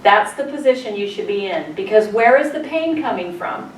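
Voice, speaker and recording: A woman's voice: medium pitch, expressive, normal speed, distant mic. A middle-aged woman leads a childbirth class, telling stories from her own labor and quizzing her students. Her voice sits in the middle of the range. The sound is roomy, with the camera well back and faint noise in the room. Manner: storytelling, asks the class questions. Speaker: childbirth educator.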